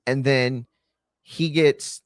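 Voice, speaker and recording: A man's voice: mid-range voice, steady tone, drawn-out words, smooth, dry recording, studio quality. A man hosting a watch-along stream, chatting casually in a rambling, sarcastic and exasperated way. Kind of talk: casual chat.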